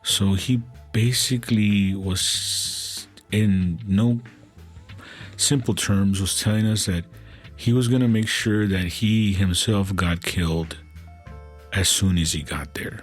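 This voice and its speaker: A man with a very deep, husky voice tells stories at an unhurried pace, stopping and restarting often. He sometimes drops to a soft, emotional tone, and faint music plays under him. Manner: halting, many restarts and fillers; turns soft and emotional at times. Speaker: podcast host. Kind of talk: casual storytelling.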